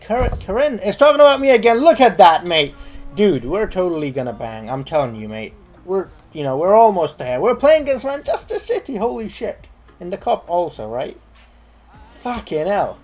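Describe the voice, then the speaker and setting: A young man hosts a football game let's play and talks through it in an excitable, joking way with plenty of swearing. His voice sits high for a man and swings widely in pitch. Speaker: gaming channel host.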